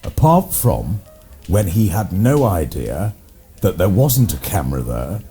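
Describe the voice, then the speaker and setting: Deep-voiced English gent spinning tall tales. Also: male voice, unhurried, slightly rough, faint music behind. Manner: rambling, deadpan tall tales told with relish. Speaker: co-host playing a gentleman's club character. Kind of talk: improvised comedy chat.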